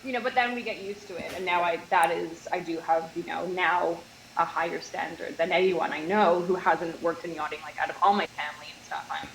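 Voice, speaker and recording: A woman's voice: on the low side, a little fast, vocal fry, reverberant, a little hiss or hum, rough recording. A woman in her thirties from Nova Scotia with a Canadian accent, chatting as an interview guest and acting out bits of dialogue as she tells her story. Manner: animated storyteller, acts out dialogue, laughs often. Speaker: guest, yacht nutritionist and former stewardess. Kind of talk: casual interview chat.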